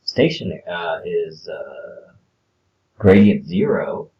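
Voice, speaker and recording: A man's voice: deep voice, animated, very slow, highs cut off. A man talking through a math worksheet in a casual screencast lesson, explaining step by step with filler words. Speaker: math teacher.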